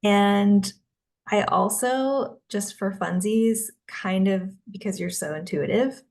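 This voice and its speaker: A woman's voice: mid-range voice, slow, vocal fry, a little mellow. A woman guest in a casual chat who rambles, packing her talk with filler words and restarts.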